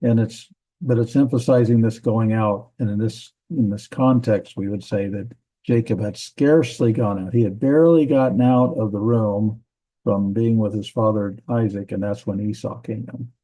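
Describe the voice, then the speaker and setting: A man teaching a grammar lesson from a Bible language textbook, methodical, repeating words and pausing with fillers. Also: on the low side, fairly even intonation, warm tone, rough recording.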